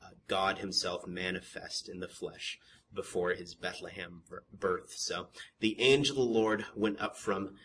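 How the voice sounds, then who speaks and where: Bright-voiced pastor preaching with rising fervor. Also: male voice, sits low, a little slow, a little hiss or hum. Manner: builds from calm teaching to impassioned, emphatic questioning; joking asides to the congregation. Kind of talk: sermon. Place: church sanctuary with a congregation.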